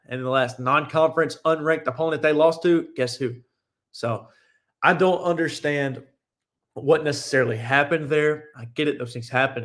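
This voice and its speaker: A man's voice: fairly high pitch, a bit bright. A young man hosting a sports talk show, giving casual, opinionated and rambling commentary with frequent restarts.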